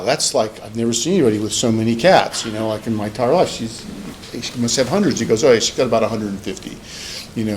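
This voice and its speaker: A man's voice: medium pitch, darkish tone, a little hiss or hum, rough recording. A man, a professor, lecturing to a class and telling a rambling personal story with many fillers and restarts. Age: older. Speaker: psychology professor.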